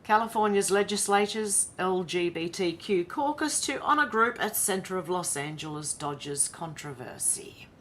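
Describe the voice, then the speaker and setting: Speaking at a medium pitch over a slight hiss or hum, an Australian livestream host reads news from her home. Her commentary is exasperated and disbelieving, and she bursts out laughing at times.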